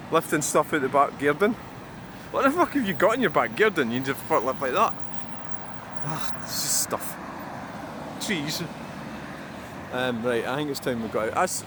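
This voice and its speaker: A man rambling and grumbling as he vlogs beside a busy roundabout, swearing freely. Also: a little high. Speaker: truck-spotting vlogger. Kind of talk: casual rambling monologue. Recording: outdoor traffic noise. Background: passing cars and trucks.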